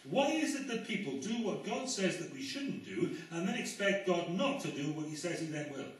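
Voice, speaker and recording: A man's voice: fairly high pitch, sing-song, moderate pace. Man preaching in a very echoey church. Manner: conversational preaching with wry asides and emphatic rises. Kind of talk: sermon. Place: church sanctuary. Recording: very echoey church, mic far off.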